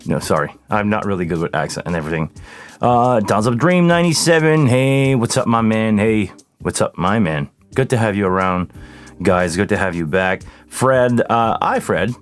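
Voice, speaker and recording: A man's voice: lowish voice, expressive, normal speed. A man from hosting a casual live Q&A about sound gear, greeting viewers by name and jumping between thoughts. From Canada. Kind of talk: casual live-stream chat. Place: home studio with mixing console.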